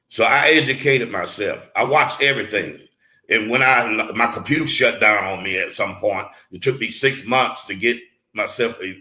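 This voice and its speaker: A man's voice: lowish voice, sharp tone, roomy sound, rough recording. A man interviewed as a mentor, talking earnestly and emphatically, often restarting and repeating words. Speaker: guest mentor.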